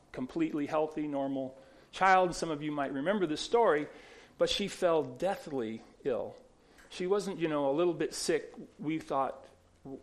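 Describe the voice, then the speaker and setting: A man pastor preaching a sermon, telling stories conversationally with many restarts and repeated words. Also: a little high.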